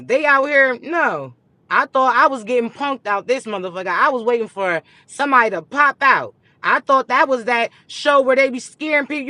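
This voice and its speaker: Bright-voiced, blunt, cursing host. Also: medium pitch, no echo. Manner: blunt, scolding, heavy cursing; teasing, mock-dramatic asides. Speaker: spiritual reading channel host. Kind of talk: profane comedic rant to viewers.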